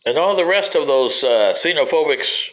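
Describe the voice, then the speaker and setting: A man's voice: fairly high pitch, expressive, normal speed, fairly bright tone, poor audio. A man giving a rambling spoken history commentary, digressive and wry, sometimes addressing politicians directly.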